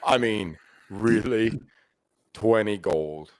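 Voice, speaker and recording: A man's voice: lowish voice, takes it slowly, no room sound, rough recording. A man voicing a haughty, wealthy young lord who speaks pompously and brushes off talk of money. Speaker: tabletop player.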